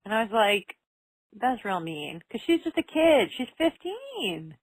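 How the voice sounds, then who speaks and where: Bright-voiced woman co-hosting a podcast. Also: on the high side, measured pace, rough recording. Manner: animated, acts out characters' lines. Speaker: podcast co-host. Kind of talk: casual chat recapping a TV episode.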